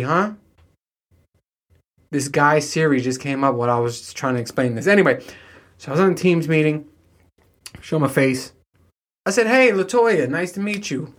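A young adult man telling rambling, profane stories in a casual monologue to his listeners, with exasperated asides. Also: a little high. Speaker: solo podcast host.

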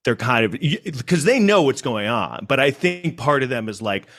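Guy on a podcast rambling thru a story, mid pitch, does the voices of people, super dry sound. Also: sing-song, moderate pace, a bit bright, dry recording. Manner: rambling storyteller, acts out quotes with jumps in pitch. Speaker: podcast host. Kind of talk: casual chat.

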